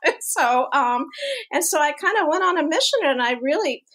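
A woman in her sixties with a high, bright-sounding pitch, chatting as an interview guest. She tells stories in a lively, animated way and laughs easily. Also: normal speed. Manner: animated storyteller who laughs often. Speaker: guest, college activity instructor. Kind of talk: casual interview talk.

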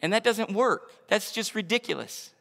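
A man preaching a sermon as pastor, in an energetic, conversational way with joking asides. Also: sits high, normal speed, creaky, in a large hall.

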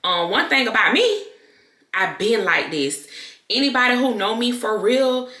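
A woman YouTuber talking candidly to her viewers, loud and expressive, in casual talk to camera. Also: fairly high pitch, a little slow. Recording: echoey room.

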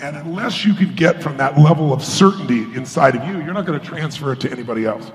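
A man's voice: fairly high pitch, fast, a crowd in the background. Man telling stories on a stage, echoey hall. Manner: storytelling, acts out quoted voices. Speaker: motivational speaker. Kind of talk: live stage keynote talk. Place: large conference hall. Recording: echoey hall with faint ambience.

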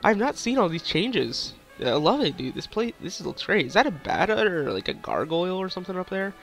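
A man's voice: high-pitched, big pitch swings, fairly quick, vocal fry, a bit bright. A young man giving goofy, crude, rambling commentary while playing a game, with faint music behind. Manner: silly, crude, rambling jokes. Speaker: gaming YouTuber.

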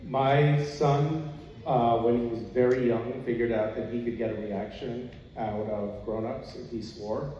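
A man on a convention panel telling funny family stories in a relaxed, amused way. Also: medium pitch, a little slow, noisy background. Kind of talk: anecdotal storytelling. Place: convention hall stage. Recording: echoey hall from far off, dull.

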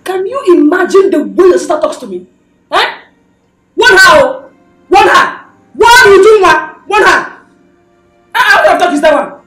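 Middle-aged mother, lecturing her grown son with a high, lively voice that climbs and dips. Echoey room, soft film music underneath. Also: quick pace. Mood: scolding. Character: scolding mother of grown children.

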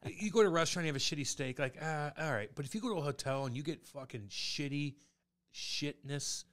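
A man's voice: a little high, fairly quick, a bit bright. A man co-hosting a podcast in casual chat, joking around with rowdy, profane banter. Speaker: podcast co-host.

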